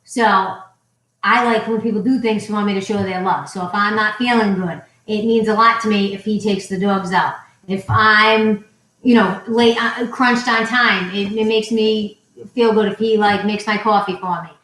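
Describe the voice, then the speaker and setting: A woman's voice: medium pitch, steady tone, moderate pace, fairly bright tone. A woman co-hosting a casual couple's vlog at home, chatty and teasing while feeling sick. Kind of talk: casual live chat. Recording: roomy echo.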